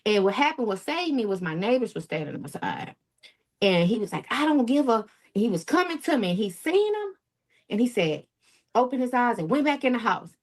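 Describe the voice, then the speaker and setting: A woman's voice: fairly high pitch, big pitch swings, moderate pace. A woman telling her own story as an interview guest, often quoting others and swinging her voice up and down. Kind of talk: emotional first-person account.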